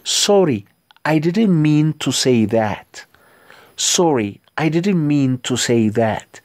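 A man with an Ethiopian accent, a native Amharic speaker, teaching English by slowly and carefully repeating model phrases. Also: on the high side, expressive, darkish tone, no room sound, clean studio sound. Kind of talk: language lesson.

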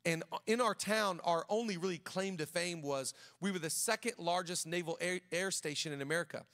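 A middle-aged male pastor preaching to a large church. His voice sits high and bright, with a long reverb trailing each phrase. He talks loosely and conversationally, restarting sentences as he tells stories. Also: fairly quick. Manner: conversational, many restarts, drops to quiet storytelling. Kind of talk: sermon with personal storytelling.

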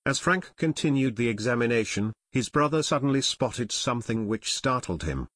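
Male narrator, mid pitch, steady measured read, dry close studio sound. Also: dry recording. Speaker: audiobook narrator. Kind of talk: scripted audiobook narration.

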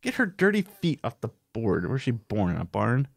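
A man's voice: medium pitch, huge pitch swings, moderate pace, creaky, slightly rough, dry recording. A man co-hosting a board game show, playing along in casual banter with sarcastic, grumbling remarks. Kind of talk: casual play-through banter.

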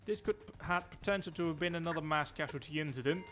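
A man giving excitable, chatty live commentary while he plays a game, joking to himself as he goes. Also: on the high side, fast talker, faint music behind. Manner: excitable, talks loud, quips at himself. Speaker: streamer.

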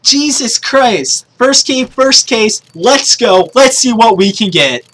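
A woman doing casual gaming commentary who swears a lot and breaks into excited shrieks and yells. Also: a little high, unhurried, low-quality recording. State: yelling in excitement. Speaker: gaming streamer.

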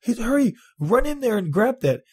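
A panicking female boss in a shrill, high falsetto, frantic and insistent as she repeats herself, put on by a man retelling a story. She sounds breathless with urgency. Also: very animated, moderate pace, dark tone, breathy edge, full character voice. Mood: urgent.

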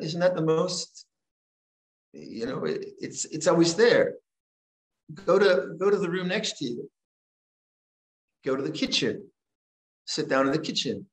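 An older man teaching at a monastery, giving a gentle, conversational dhamma talk with frequent restarts. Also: on the high side, reverberant, poor audio. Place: monastery hall.

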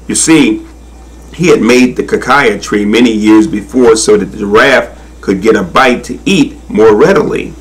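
A man reading a children's storybook aloud in a slow, expressive, sing-song manner. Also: fairly low pitch, poor audio. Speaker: narrator.

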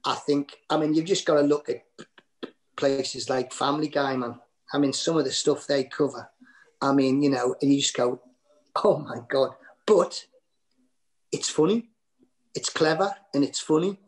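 Geordie man telling rambling stories. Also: fairly high pitch. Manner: rambling, restarts and fillers, quick to laugh at himself. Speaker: guest comedian. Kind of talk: anecdotal podcast chat.

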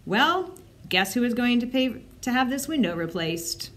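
A woman's voice: on the high side, very animated, normal speed, a bit bright, pitched above the performer's own voice. A woman doing a stern, annoyed dad. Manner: stern, scolding. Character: annoyed father.

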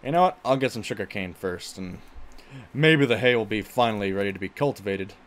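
A man's voice: fairly low pitch, a little fast. A male streamer chatting casually while he plays a game, exclaiming at it and saying he gets stuck in a put-on voice. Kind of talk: casual gameplay chat.

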